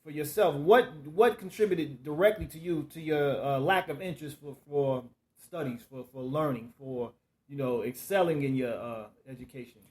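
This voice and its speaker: A man's voice: on the high side, moderate pace, darkish tone. A man hosting an interview who keeps affirming his guest and asks long, searching questions. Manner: affirming, with frequent backchannel responses. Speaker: interview host. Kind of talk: casual interview talk.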